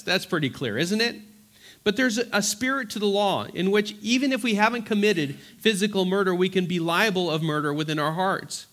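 A man preaching an earnest Bible-teaching sermon, emphatic and repeating words for stress, then dropping to soft, pleading tones. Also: high-pitched. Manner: swings from loud urgency to soft, quiet pleading.

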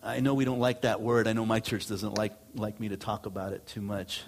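A middle-aged man, a pastor, preaching a sermon in a conversational way, rising on emphatic lines and dropping low on asides. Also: little pitch movement, brisk, gravelly.

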